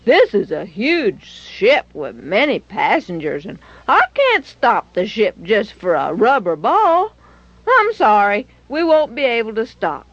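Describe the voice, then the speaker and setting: Woman voicing a kindly captain, gentle, soft, dry sound. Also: medium pitch, very animated, a little slow, no echo. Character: kindly ship captain, calm older man. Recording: dull lo-fi recording.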